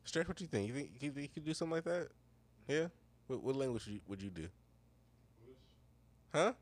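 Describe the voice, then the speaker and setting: A relaxed man talking casually and at length, often laughing along. His pitch moves freely up and down through an ordinary middle register. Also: fairly quick. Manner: laid-back, rambling, laughs often. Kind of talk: casual chat.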